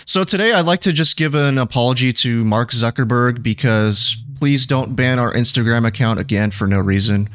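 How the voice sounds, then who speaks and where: A man's voice: mid-range voice, normal speed, few pauses, a bit bright. A man co-hosting a podcast in casual chat, joking and swearing casually. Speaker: podcast co-host.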